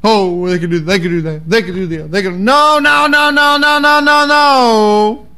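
A man's voice: high voice, normal speed, sharp tone, clean tone, voice pushed up. A man voicing a panicking man who frets over powerful enemies, frantic and repeating himself. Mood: panicky.

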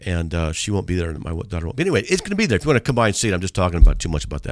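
A man's voice: low voice, big pitch swings, racing, hardly any pauses, dry recording. A man hosting a radio show in a studio, chatting casually and joking. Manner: joking, reads hate mail aloud in mocking voices. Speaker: radio host. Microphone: studio mic.

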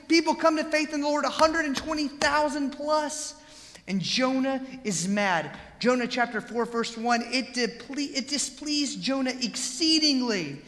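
Impassioned high-voiced male pastor preaching. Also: big-room sound. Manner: impassioned preaching, swings from hushed to loud. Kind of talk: sermon. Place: church sanctuary.

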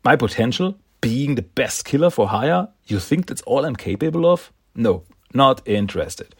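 Fierce snarky assassin lady, guy reading her, husky low voice, dry sound. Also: expressive, moderate pace, dry recording. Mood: defiant. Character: defiant woman assassin, fierce and sarcastic.

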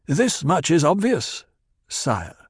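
A man puts on a proud, bearded desert scientist who answers in short, blunt words. The voice sits high and raised, recorded dry and close. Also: sing-song, takes it slowly, breathy edge, no room sound, full character voice. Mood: curt.

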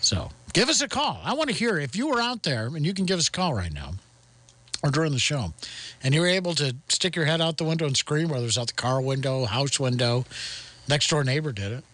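A man's voice: fairly high pitch, fairly quick. A man hosting a radio talk show, bantering and joking with theatrical outbursts. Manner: excitable, jokey, theatrical outbursts.

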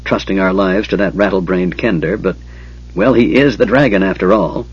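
Man voicing a blunt storybook dwarf, gruff, husky, low. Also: normal speed, dull audio. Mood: urgent. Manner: gruff, terse.

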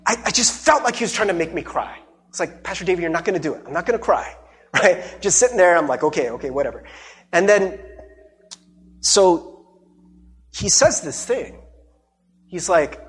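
A male pastor preaching with a lively, swooping voice that sits a little above the usual male range. He tells his story casually, laughs often and slips into the voices of the people he quotes. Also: high-pitched, normal speed, pauses often. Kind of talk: sermon with personal storytelling.

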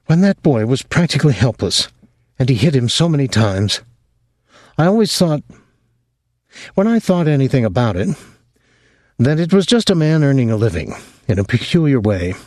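A man's voice: medium pitch, very animated, moderate pace, long pauses, a little mellow, no echo, studio quality, pitched above the performer's own voice, close to an everyday voice. A male audiobook narrator voicing a bitter, sarcastic adult woman with a harsh tongue. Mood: troubled. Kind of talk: audiobook reading.

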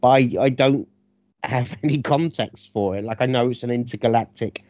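A man co-hosting a film review chat, animated, sarcastic and freely profane. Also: mid-range voice, moderate pace, no echo, highs cut off. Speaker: podcast co-host reviewing films.

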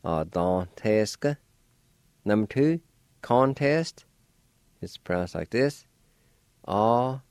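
A man's voice: mid-range voice, expressive, slow pace, pauses often, a little mellow, smooth, no room sound. A man teaching pronunciation, spelling words out letter by letter in a patient, encouraging way. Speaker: language teacher. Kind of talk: slow spelling and pronunciation lesson. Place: radio studio.

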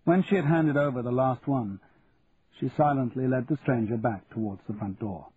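A man narrating a story in a measured storytelling manner, on a tinny radio recording with faint hiss. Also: mid-range voice. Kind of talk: audiobook reading.

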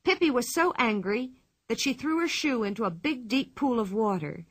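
Bright, lively woman reading a storybook. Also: on the high side, normal speed. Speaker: narrator.

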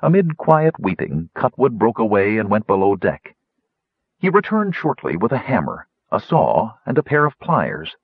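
Male audiobook narrator, lively low voice, dry lo-fi sound. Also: moderate pace, slightly rough, no room sound. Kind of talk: scripted fantasy narration. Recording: dull lo-fi audiobook recording.

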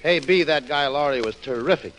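A man's voice: mid-range voice, brisk, fairly bright tone. Brash, slangy man co-host. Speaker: radio show co-host. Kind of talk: 1940s radio variety banter.

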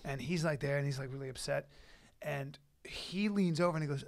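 A man telling funny stories in casual chat, animated and dropping to a low mutter for asides. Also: brisk, gravelly.

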